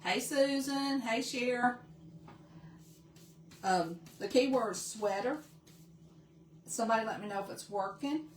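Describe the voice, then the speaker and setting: A woman's voice: on the high side, slow pace, long pauses, reverberant, recorded from a distance. A woman from Tennessee with a Southern accent, chatting casually while demonstrating a craft on a live stream and greeting viewers by name. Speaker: craft livestream host.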